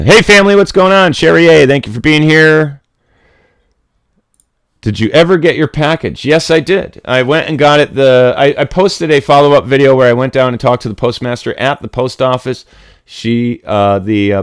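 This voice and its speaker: This livestream host, a middle-aged man from Connecticut, chats casually in a blunt, rambling, profane rant. His voice is on the low side with a clean tone, recorded dry at studio quality.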